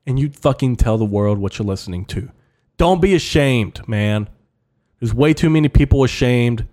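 A man's voice: medium pitch, lively intonation, unhurried, pauses often, a little mellow. A man hosting his own comedy podcast in a solo monologue, ranting and rambling, swearing freely with lots of fillers. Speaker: podcast host.

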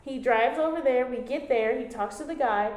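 A woman's voice: sits high, normal speed, darkish tone. Chatty young woman swearing through a story. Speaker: podcast co-host. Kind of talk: casual chat. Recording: echoey room.

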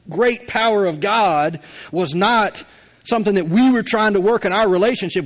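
A middle-aged pastor with a drawl delivers a sermon in a high, easy voice. He talks to the congregation like friends, folksy and conversational, with frequent laughs. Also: a bit bright.

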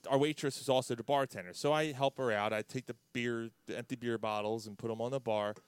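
A man's voice: medium pitch, fairly even intonation, fast, clean tone, no echo. A man, a podcast co-host telling a story in blunt, profane casual sports chat.

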